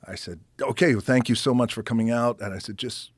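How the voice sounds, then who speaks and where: A man telling a personal story as a podcast guest. He talks in an animated way, swears freely, acts out the people he quotes, and drops to a whisper at times. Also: mid-range voice, fairly quick, no echo. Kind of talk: casual storytelling.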